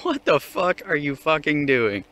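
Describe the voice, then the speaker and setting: A man's voice: a little high, sing-song, unhurried, a bit bright, slight background noise. A young man ranting casually while walking his dog, swearing often and laughing at it. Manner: profane, mocking, laughs often. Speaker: vlogger. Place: outdoors on a dog walk.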